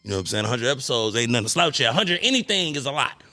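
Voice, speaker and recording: A man's voice: mid-range voice, very animated, rapid-fire, bright, forceful tone, dry recording, studio quality. A man hosting a podcast in loose, casual chat, swearing and asking "you know what I'm saying" again and again. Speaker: podcast host. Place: cigar lounge.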